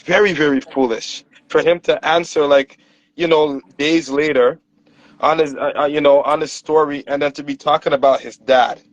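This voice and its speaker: A man's voice: a little high, steady tone, normal speed, no echo. A man joining a livestream by phone, giving rambling commentary full of repeated fillers. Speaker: livestream guest. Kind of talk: casual commentary. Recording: dull lo-fi phone audio.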